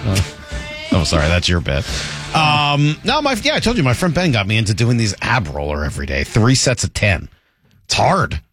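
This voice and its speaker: A man hosting a casual sports talk show, rambling and laughing as he goes through football highlights. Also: moderate pace, soft background music. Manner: lively, rambling, laughs often. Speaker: sports radio host.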